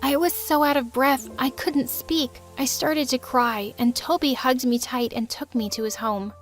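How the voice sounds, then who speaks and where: A young woman narrating an animated teen drama in first person, emotional and expressive. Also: high voice, soft background music. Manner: emotional, quick shifts to outbursts. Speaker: narrator and lead teen girl.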